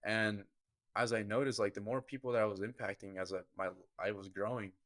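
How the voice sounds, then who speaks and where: A man's voice: fairly low pitch, fairly even intonation, brisk, fairly bright tone, no room sound. A young man, a guest on a podcast, earnestly telling a personal story in vivid detail. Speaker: podcast guest, football kicker. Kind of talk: personal storytelling in a casual interview.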